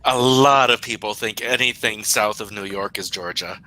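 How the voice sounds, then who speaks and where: A man's voice: fairly low pitch, normal speed, bright, forceful tone, poor audio. A man in casual stream chat who laughs a lot and teases.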